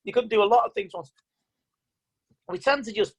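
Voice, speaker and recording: A man's voice: high voice, moderate pace, pauses often, breathy edge, rough recording. Emphatic male mind coach. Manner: emphatic, repetitive, plain-spoken. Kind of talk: online motivational seminar. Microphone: video call.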